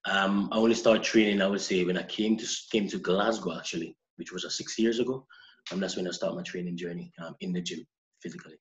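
A man from Jamaica with a Jamaican accent, a guest in a casual interview, telling lively stories and often repeating words as he restarts. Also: deep voice, quick pace. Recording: echoey, dull-sounding room recording.

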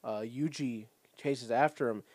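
A man's voice: mid-range voice, a little slow, no room sound. Laughing man recapping a show. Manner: laughing, profane, animated retelling. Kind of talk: casual recap chat.

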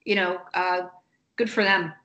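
A woman telling a personal story in a casual interview, animated and acting out other people's lines. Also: on the low side, measured pace, muffled recording. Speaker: guest.

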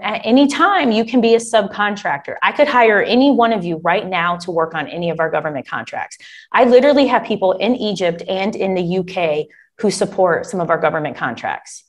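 A woman coaching an audience in a lively, chatty way, calling them y'all. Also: medium pitch. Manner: animated, chatty, addresses listeners as y'all. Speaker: government contracting coach. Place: Michigan.

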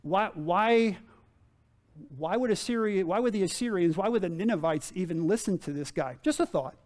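A male pastor preaching in a loose, conversational way, with a notably high voice. He repeats his key phrases and keeps putting rhetorical questions to his listeners. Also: lively intonation, normal speed, darkish tone. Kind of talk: sermon.

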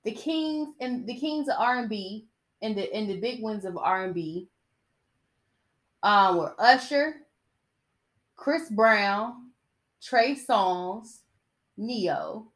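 A young woman hosting her own podcast, talking in a casual solo monologue with a soft, low-key delivery and blunt, opinionated, slangy asides. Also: takes it slowly, pauses often. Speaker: podcast host.

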